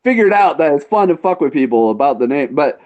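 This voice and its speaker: A man's voice: a little high, very animated, fast, darkish tone. Rambling man with a Northern US accent. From northern Illinois. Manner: rambling, tangent-prone storyteller. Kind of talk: casual chat, storytelling. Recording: dull lo-fi sound.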